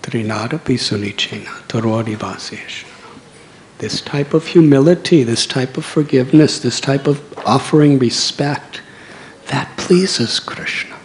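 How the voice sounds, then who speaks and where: A man's voice: mid-range voice, normal speed, darkish tone, a little hiss or hum. A man, telling a story in a sermon with dramatic swells. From United States. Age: 60s. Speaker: monk preacher.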